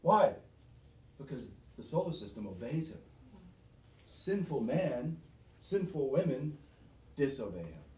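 A man's voice: medium pitch, sing-song, a little slow, long pauses, darkish tone. A man preaching to a small group, emphatic and fond of rhetorical questions, often repeating himself. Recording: roomy sound from a distance.

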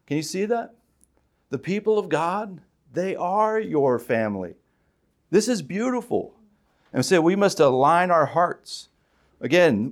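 Animated male preacher asking questions. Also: medium pitch. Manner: animated preaching with rhetorical questions, loud emphatic rises; conversational, with fillers and restarts. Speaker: pastor. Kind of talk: sermon.

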